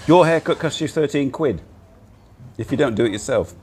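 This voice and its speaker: A man's voice: medium pitch, animated, normal speed, darkish tone. A middle-aged man chatting casually on a livestream from a cafe, laughing often and poking fun at himself, recorded on a laptop mic. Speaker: livestream host.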